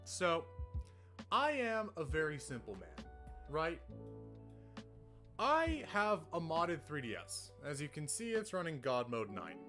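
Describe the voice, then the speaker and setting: A man's voice: a little high, wildly swooping pitch, takes it slowly, long pauses, bright, forceful tone. A young man chatting casually on a livestream, rambling and swearing as he rants. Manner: ranting, profane, rambling. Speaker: streamer. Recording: music playing behind.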